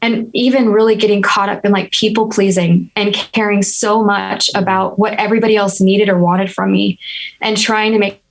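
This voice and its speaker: On a low-quality recording, a woman in her thirties shares a personal story as a podcast guest at a normal pace. Her medium-pitched delivery is earnest and reflective, steady and even in tone.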